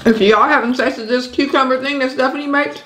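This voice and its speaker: A woman co-hosting a mukbang, talking in an animated, playful way and laughing often. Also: high-pitched, a little fast, reverberant, noisy background. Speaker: co-host of a mukbang channel. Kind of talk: casual chat while eating.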